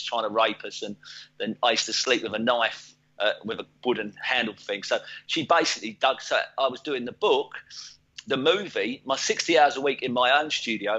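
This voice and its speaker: A man in his fifties talks as a podcast guest, his voice bright and forceful. He tells stories in a jokey, chatty way and laughs easily. The audio is dull and lo-fi. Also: medium pitch. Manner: jokey, laughs often, does voices in anecdotes. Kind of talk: casual storytelling.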